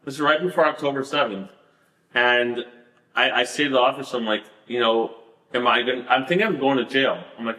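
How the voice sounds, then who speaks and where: A man guest on an interview show, telling a story in a casual, animated way, full of fillers and laughter. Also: medium pitch, a little fast, reverberant, low-quality recording. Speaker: podcast guest.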